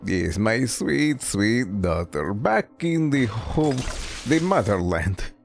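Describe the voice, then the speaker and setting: Man doing thick-accented Russian papa, loud, slow, hammy. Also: big pitch swings, creaky, soft background music, heavily acted. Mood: fond. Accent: put-on Russian. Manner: booming, drawn-out, theatrical. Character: boisterous thick-accented Russian father, middle-aged.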